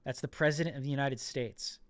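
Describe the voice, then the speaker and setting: A man's voice: mid-range voice, steady tone, brisk, dry recording, clean studio sound. A man hosting a political commentary podcast, talking in an indignant, emphatic way and often repeating words. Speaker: podcast host.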